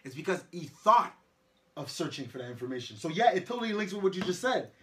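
A man's voice: sits high, fast talker. A man co-hosting a podcast, talking about his son in casual chat and laughing as he makes his points. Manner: expressive, laughs while making his point. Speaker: podcast co-host.

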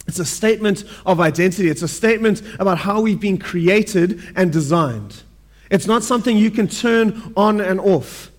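A man with a fairly high voice preaches a sermon. He keeps it conversational and often asks "right?" along the way. He slows down and leans on the scripture lines for emphasis. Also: lively intonation.

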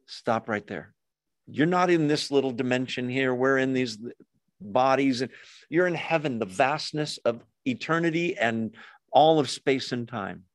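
A man's voice: medium pitch, no room sound, studio quality. A man teaching a Bible study as pastor, in a conversational style, often asking questions and acting out short quoted prayers. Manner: informal, asks questions, acts out quoted prayers.

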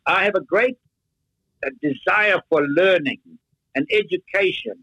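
A man in his eighties, a guest on a remote link, telling stories in an animated, earnest way. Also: high voice, measured pace, dry recording, dull audio. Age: 80s. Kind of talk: interview.

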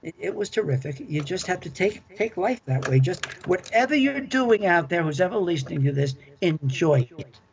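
A man's voice: high voice, sing-song, normal speed, vocal fry, few pauses, a little hiss or hum. Chatty older man telling stories. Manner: chatty, repeats himself, enthusiastic. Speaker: interview guest, former club manager. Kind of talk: storytelling reminiscence. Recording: dull lo-fi recording.

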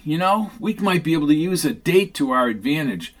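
A man's voice: fairly high pitch, animated, a little fast, pitched above the performer's own voice. A man as a laid-back cowboy trucker. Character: easygoing male truck-driving cowboy.

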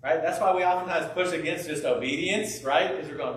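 A man preaching a sermon, telling a parable with lively acted-out voices of the characters. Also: fairly high pitch, fairly quick, heavy reverb, distant mic, low-quality recording. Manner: animated storytelling, acting out biblical characters' voices. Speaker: pastor.

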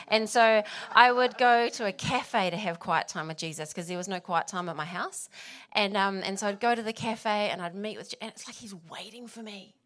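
A New woman, a pastor's wife, tells her personal testimony in a middle-pitched voice. She is openly emotional and often laughs between phrases. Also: normal speed, a bit bright.

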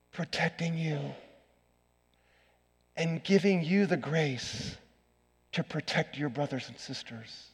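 A middle-aged male pastor preaches with earnest conviction. His voice sits a little high and swings between loud emphasis and quiet asides. A long reverb trails each phrase in the church. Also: creaky, breathy edge. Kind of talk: sermon. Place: church sanctuary.

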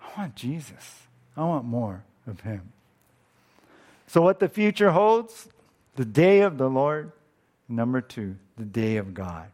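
A man preaching a sermon as pastor, in a conversational way, asking his listeners questions and letting phrase ends drop off softly. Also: medium pitch, very animated, slow.

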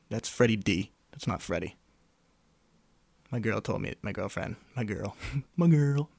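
Gravelly young man rambling on a podcast. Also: lowish voice, animated, measured pace, pauses often, a little mellow, no echo. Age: young adult. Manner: rambling, self-mocking, jokey, with sudden whispers and put-on voices. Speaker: podcast host. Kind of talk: casual solo podcast monologue. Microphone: studio mic close up.

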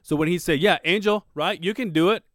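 Sitting high and moving a little fast, a man's voice comes through clean studio sound with no echo. He co-hosts a podcast and, with Spanish as his first language, shares an animated work story full of swearing, acting out quotes as his voice rises.

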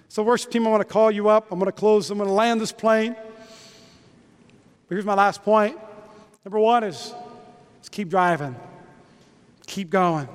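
A man preaching a sermon as a pastor in church, lively, with playful asides to the congregation. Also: sits high, long reverb tail. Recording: music playing behind.

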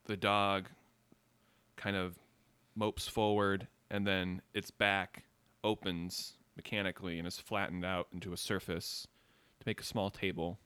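A man's voice: deep voice, level tone, unhurried, sharp tone, clear, resonant tone, no room sound. A man narrating as game master of a tabletop game, setting scenes vividly and unhurriedly, with many fillers.

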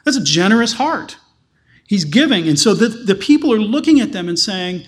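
A man's voice: high-pitched, very animated, normal speed. A man, a pastor, preaching a sermon with emphatic, repeated phrases.

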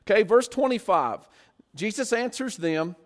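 A man's voice: high voice, lively intonation, unhurried. A man preaching a sermon, often putting rhetorical questions to his listeners.

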